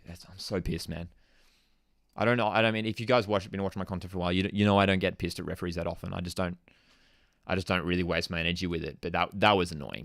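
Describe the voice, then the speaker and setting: A man's voice: fairly low pitch, fairly bright tone, no echo, studio quality. A young man hosting a live football watchalong, ranting in exasperation and casual slang while reading out chat messages. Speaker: host of a football watchalong stream.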